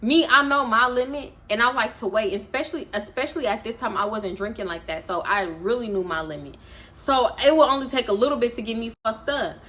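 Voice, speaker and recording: Young woman, storytime vlogger, animated, profane, high bright voice, faint background noise. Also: fairly quick. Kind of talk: casual storytelling.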